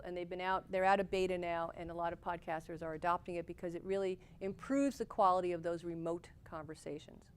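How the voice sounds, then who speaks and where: Animated woman lecturing a class. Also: mid-range voice, smooth. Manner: animated, talks with her hands, moves around. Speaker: podcasting instructor.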